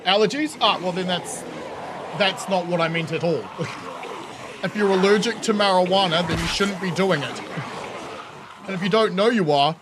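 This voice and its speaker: Kiwi guy streaming, high voice, swears and laughs a lot, noisy background. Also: moderate pace, pauses often. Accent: New Zealand. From New Zealand. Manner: laughing, swearing, ranting to chat. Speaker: game streamer. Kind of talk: casual live-stream chat.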